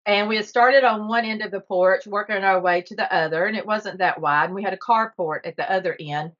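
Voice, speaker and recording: A woman's voice: medium pitch, a little fast, a bit bright. A middle-aged woman from Texas, a podcast guest telling a story earnestly and vividly, with small laughs. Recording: slightly muffled podcast audio.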